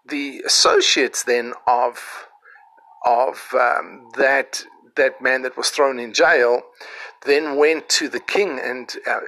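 A man gives an off-the-cuff devotional podcast message, recorded outdoors. He talks loosely and conversationally, restarting sentences often as he retells a parable. His voice sits a little high and sounds bright and forward. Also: rough recording. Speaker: podcast host and preacher. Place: outdoors on a riverside property.

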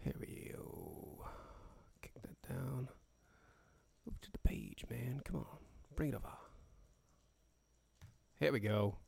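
A man's voice: medium pitch, slow pace, creaky, pauses often, a little mellow, in a whisper. A man hosting a livestream, casually chatting with viewers and humming to himself while setting up. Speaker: livestream show host. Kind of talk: casual pre-show chat to viewers.

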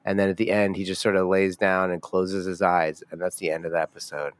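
A man's voice: deep voice, little pitch movement, brisk. A man in his thirties co-hosting a podcast, recapping an episode in a wry, playful casual chat. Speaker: podcast co-host.

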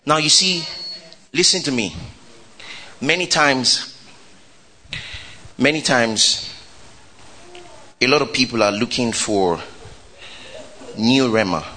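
A man preaching a lively sermon, calling out to the congregation, shouting and laughing as he goes. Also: on the low side, a little hiss or hum. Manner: exuberant preaching, shouting and laughing, call and response. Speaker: pastor.

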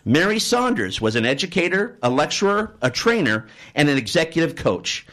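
A man's voice: fairly high pitch, normal speed. A man hosting a radio talk show, telling an anecdote and joking with his guest in the studio. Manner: animated storyteller, joking. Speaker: radio host. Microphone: studio microphone.

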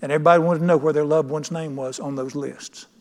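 A man's voice: a little high, steady tone, fast, a little mellow. A pastor preaching a sermon, emphatic and questioning his congregation. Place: church sanctuary. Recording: long church reverb.

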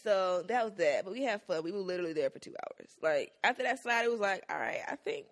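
A young woman from South Miami tells a story in relaxed, casual chat. She is animated and acts out the voices of the people she quotes. Her voice sits at an ordinary middle pitch. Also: fast. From South Miami, Florida.

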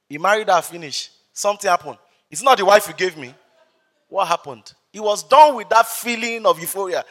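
Bright-voiced Nigerian pastor preaching. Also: male voice, on the high side. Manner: animated storytelling, acts out voices. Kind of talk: sermon. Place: church service.

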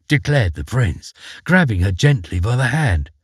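A man narrating a folk tale in a playful, expressive storytelling manner. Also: medium pitch, moderate pace, husky, dry recording, clean studio sound.

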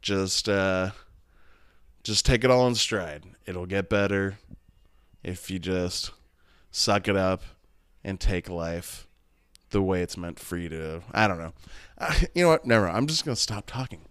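In a clean, dry studio recording, a thirtysomething man hosts his own casual podcast, rambling, candid, and full of swearing, restarts, and laughter. His low voice is smooth and fairly bright. He speaks unhurriedly and pauses often.

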